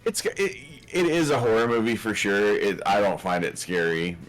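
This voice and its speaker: A man co-hosting a movie review, chatting casually, laughing often and acting out lines in quick asides. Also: lowish voice, big pitch swings, soft background music.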